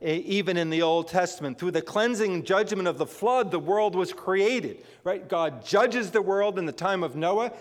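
This northern New Jersey preacher has a voice that sits high, speaking at normal speed with few pauses. His sermon mixes scripture reading with conversational asides, recorded with the long reverb of a large hall.

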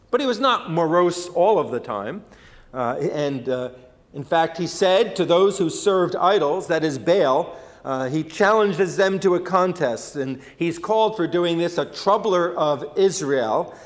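High-voiced man preaching in a hall. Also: animated, measured pace. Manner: conversational, folksy storytelling with many fillers and restarts. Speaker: pastor. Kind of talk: sermon.

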